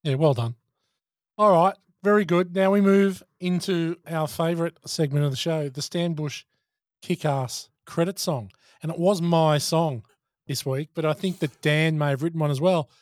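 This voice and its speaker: A man's voice: on the high side, moderate pace, a little mellow, dry recording, studio quality. A man, co-hosting a casual movie-review podcast, exclaiming often and laughing easily. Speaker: podcast co-host.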